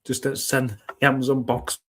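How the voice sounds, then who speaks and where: A man's voice: medium pitch, level tone, normal speed, a little hiss or hum. A man hosting a casual weather live stream from home, chatty and self-mocking, greeting viewers one by one. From United Kingdom. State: just over a cold. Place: home room with cats and laptop. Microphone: laptop live stream.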